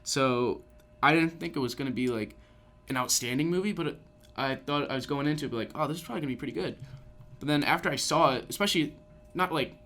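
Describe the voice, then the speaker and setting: A man's voice: medium pitch, a little fast, fairly bright tone. A man co-hosting a podcast, chatting casually about films in long, rambling sentences full of restarts. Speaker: podcast co-host. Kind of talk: casual chat.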